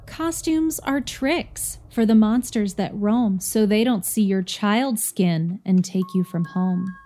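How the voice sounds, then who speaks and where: A woman's voice: mid-range voice, slow pace, mellow, faint music behind, close to an everyday voice. A woman voicing a spiteful, sarcastic female schoolteacher who scolds her class in a snide, biting way, in a rhyming storybook tale. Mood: smug.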